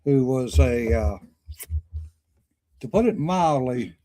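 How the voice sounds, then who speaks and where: A man's voice: medium pitch, animated, takes it slowly, warm tone. A man co-hosting a casual livestream chat, telling stories and laughing often. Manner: chatty storyteller, laughs often. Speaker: podcast co-host.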